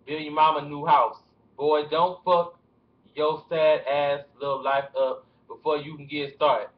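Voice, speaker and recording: A man's voice: fairly high pitch, flat delivery, close to an everyday voice. A man doing a swaggering menacing rapper. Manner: menacing, profane, slow drawl. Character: swaggering threatening male rapper, impression. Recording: dull lo-fi webcam sound.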